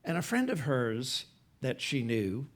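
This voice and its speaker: A man's voice: medium pitch, big pitch swings, a little slow. A man, a pastor, telling a story during a sermon in a conversational way. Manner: conversational, retells a story with quoted dialogue. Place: church platform.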